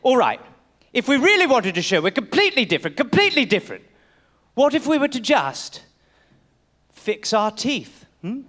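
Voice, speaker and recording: A man's voice: very high-pitched, sing-song, moderate pace, pauses often, a bit bright, exaggerated voice. A man doing a pompous old colonial Englishman. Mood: scheming. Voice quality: stiff formal diction.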